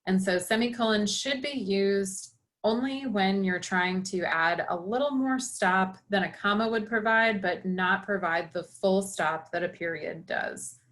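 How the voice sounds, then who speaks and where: A woman's voice: medium pitch, fairly bright tone. A woman journalism instructor giving a recorded lecture, explaining steadily with occasional fillers and self-corrections.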